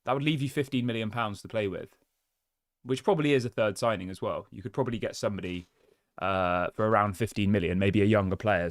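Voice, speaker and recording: A man's voice: lowish voice, no room sound, clean studio sound. A man hosting his own football fan channel, chatting casually and thinking aloud with small restarts. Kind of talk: casual solo fan commentary.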